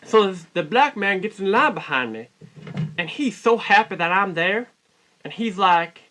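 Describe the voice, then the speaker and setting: Bright-voiced man rambling in a put-on Southern drawl. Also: sits high, animated, normal speed. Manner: mock-folksy, rambling, self-correcting. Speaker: comic storyteller. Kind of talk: deadpan comic character monologue.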